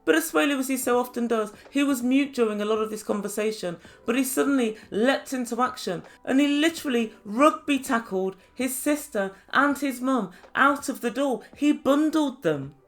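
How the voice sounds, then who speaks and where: A woman's voice: high voice, moderate pace, few pauses. A woman reviewing a reality show, chatty and wry with sarcastic asides. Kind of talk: casual recap commentary.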